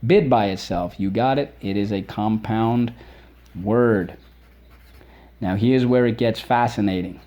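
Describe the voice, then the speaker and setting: A man's voice: lowish voice, mellow, highs cut off. A male teacher leading a children's spelling lesson, drilling words aloud, asking questions and praising answers. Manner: drills words aloud, repeats them slowly and emphatically; encouraging, asks questions and praises.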